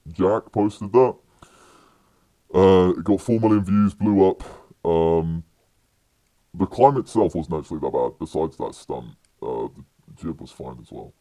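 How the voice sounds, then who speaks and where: A young man with a British accent and an extremely deep voice tells a story on a podcast. His tone is dark and mellow, and his telling rambles along with many fillers and restarts. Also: slow, long pauses, no echo. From United Kingdom. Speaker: podcast guest. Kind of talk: casual storytelling.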